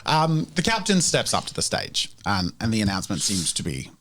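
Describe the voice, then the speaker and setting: A man with a fairly low voice narrates a tabletop game as its game master. He rambles casually and fills pauses as he goes, and his pitch moves with a lot of life. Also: huge pitch swings, heavy background noise.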